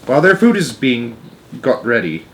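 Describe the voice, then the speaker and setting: A man's voice: medium pitch, sing-song, normal speed, a bit bright, a little hiss or hum. A man doing an eager boy-turned-mouse. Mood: earnest.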